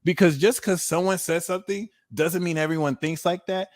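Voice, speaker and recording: A man in his thirties giving a livestream tarot reading, talking in a blunt, animated way and swearing freely. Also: sits high, brisk. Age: 30s. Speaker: tarot reader.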